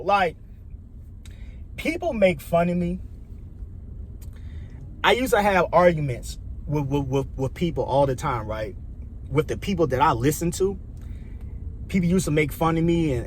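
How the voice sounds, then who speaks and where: A man's voice: fairly high pitch, slight background noise. A young man from Chicago with a Chicago accent, ranting in a loose, profane, rambling way that repeats itself. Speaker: vlogger. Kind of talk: casual opinion rant.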